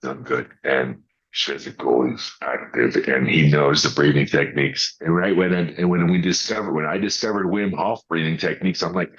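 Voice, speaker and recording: A man's voice: extremely low pitch, fairly even intonation, normal speed, a bit bright, slightly rough, highs cut off. A man co-hosting a casual early-morning podcast, telling rambling stories with many restarts and acting out what others said. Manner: rambling storyteller, restarts, acts out quotes. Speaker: podcast co-host.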